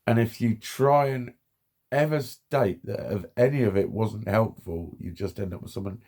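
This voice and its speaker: A man's voice: fairly low pitch, moderate pace, dark tone. A man talking bluntly and frustrated in a candid vlog monologue, swearing often and repeating himself. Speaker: vlogger.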